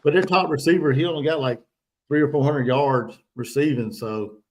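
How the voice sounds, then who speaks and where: Man, fairly high voice, halting host breaking down a football matchup. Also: a little mellow. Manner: hesitant, restarts a lot, full of ums. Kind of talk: casual sports chat.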